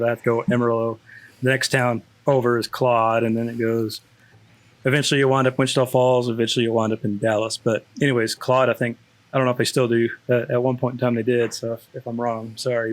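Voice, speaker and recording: A man, a school district network specialist, chatting casually with many restarts and fillers. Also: mid-range voice. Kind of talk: casual chat.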